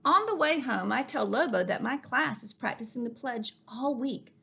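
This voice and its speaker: A woman reading a children's picture book aloud in an expressive read-aloud manner. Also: on the high side, normal speed, creaky, husky. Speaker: reader. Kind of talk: storybook reading.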